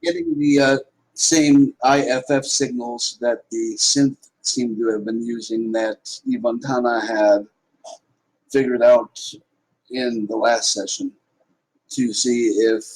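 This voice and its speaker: A man playing a tabletop game, offering calm, somewhat hesitant suggestions. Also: mid-range voice, slow pace, slightly rough, low-quality recording. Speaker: player. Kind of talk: casual tabletop game talk.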